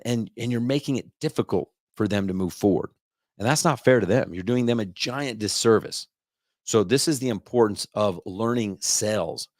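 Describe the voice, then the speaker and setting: A man hosting a podcast, delivering an energetic, repetitive sales rant in a coaching tone. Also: on the low side, no echo, studio quality. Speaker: podcast host.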